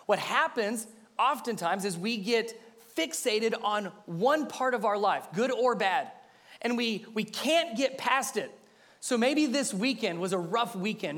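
Male pastor, high-pitched, earnest emphatic sermon delivery with repeated phrases. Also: fairly bright tone. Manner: earnest, speaks directly to the listeners.

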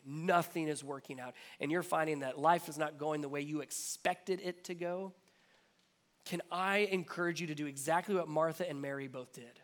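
A high-pitched man preaches from the pulpit as pastor. He speaks earnestly, repeats key phrases and builds his emphasis line by line. The sermon is delivered in a church. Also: normal speed, fairly bright tone. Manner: earnest, repetitive, rising emphasis.

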